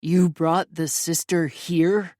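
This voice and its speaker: A woman's voice: low-pitched, fairly even intonation, measured pace, creaky, a little mellow, no room sound, studio quality, pitched below the performer's own voice. A woman voicing a dangerous, commanding mafia man who growls and demands answers. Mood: stern.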